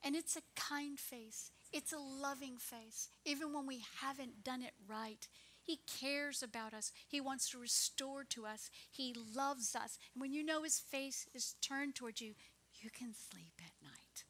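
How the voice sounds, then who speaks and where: A woman preaching with a bright, fairly high voice. She is earnest, often sinking to a near whisper before rising into fervent prayer. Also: measured pace. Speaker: pastor. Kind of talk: sermon.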